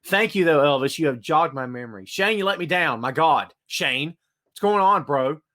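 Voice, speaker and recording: A man's voice: a little high, animated, normal speed, sharp tone. A man hosting a casual live-stream podcast from his home studio, chatting and greeting viewers by name. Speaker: podcast host.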